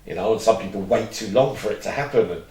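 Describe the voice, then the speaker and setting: Man, deep voice, interview guest, rambling storyteller, roomy echo. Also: fast talker, a little mellow, recorded from a distance. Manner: rambling, acts out quoted dialogue. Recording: roomy echo, mic set back.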